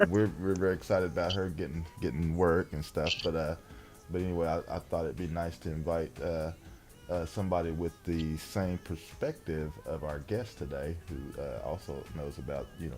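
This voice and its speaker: A man's voice: rumbling low, fairly even intonation, normal speed, soft background music. A man hosting a radio talk show, upbeat and chatty, with lots of "uh"s as he introduces people. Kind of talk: casual chat.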